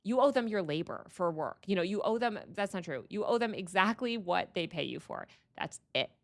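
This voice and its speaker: A woman's voice: mid-range voice, lively intonation, moderate pace. A woman hosting a livestream, ranting in a heated, exasperated way and repeating phrases for emphasis. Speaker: livestream host.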